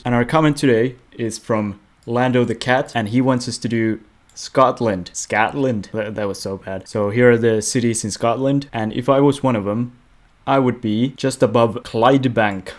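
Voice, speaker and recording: A man's voice: medium pitch, fairly even intonation, normal speed. A young man hosting a casual gaming news roundup, joking and poking fun at himself as he talks into a webcam. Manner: playful, jokey, self-mocking. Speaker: host of a game news show. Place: away from home.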